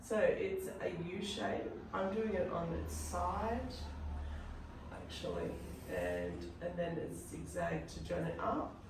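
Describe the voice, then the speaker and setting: A woman's voice: lowish voice, sing-song, takes it slowly, background noise. A woman teaching an unscripted art class, chatty and encouraging as she talks through each step. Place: art studio. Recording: roomy, from a distance.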